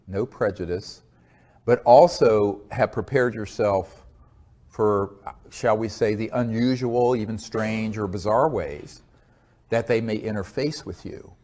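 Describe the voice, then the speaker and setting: An American man with a low voice, answering interview questions in an earnest, measured way. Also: darkish tone. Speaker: interview guest.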